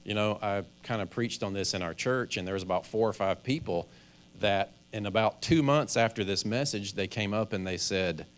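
A man's voice: fairly low pitch, moderate pace, slight background noise. A man, a pastor, giving a conversational sermon, often acting out people's inner thoughts and restarting his sentences. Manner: conversational preaching, acts out inner voices, stammers on restarts.

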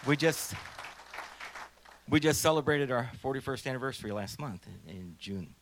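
A man's voice: mid-range voice, lively intonation, normal speed, a faint crowd. A man in his sixties from St. Louis, a minister giving a rambling, conversational personal testimony full of restarts. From St. Louis, USA. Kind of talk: personal testimony at a church gathering.

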